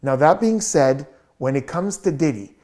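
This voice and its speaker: A body language analyst giving a measured, explanatory video commentary as the regular host. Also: medium pitch, animated, warm tone. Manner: explanatory, measured, repeats "just a little bit".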